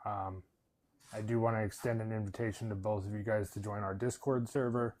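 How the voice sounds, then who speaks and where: Casting: male live-panel host, lower voice, earnest and blunt, swears casually, faint hiss behind. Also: fairly even intonation, a little fast, a little mellow. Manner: earnest, profane, filler-heavy.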